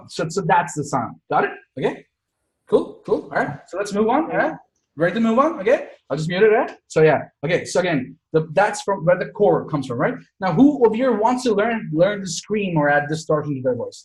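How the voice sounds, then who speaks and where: Male singing teacher, chatty, lively pitch, roomy video-call sound. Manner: chatty, checks in with "right?" constantly. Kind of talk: casual online music lesson.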